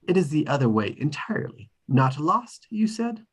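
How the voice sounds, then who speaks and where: A man reading a charming, teasing young aristocrat at a table read, with a husky voice. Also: fairly high pitch, very animated, normal speed.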